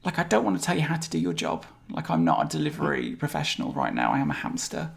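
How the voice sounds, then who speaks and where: A man's voice: a little high, huge pitch swings, full character voice. A man voicing a nervous, stammering female talking hamster in a tabletop game. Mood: anxious pleading. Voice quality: gravelly, halting, stammering.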